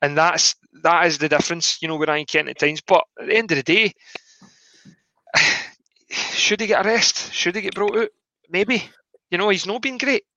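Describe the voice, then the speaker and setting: A man, co-hosting a casual football podcast, animated and opinionated. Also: high-pitched, moderate pace, dry recording, lo-fi sound. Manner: animated, opinionated, restarts often. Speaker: podcast co-host.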